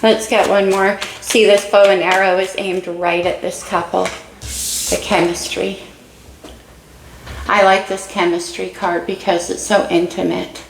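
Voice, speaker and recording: Breathy, gravelly tarot reader woman. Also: medium pitch, flat delivery, unhurried, reverberant, a little hiss or hum, rough recording. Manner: dreamy, musing, talks to viewers directly. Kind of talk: casual spoken tarot reading.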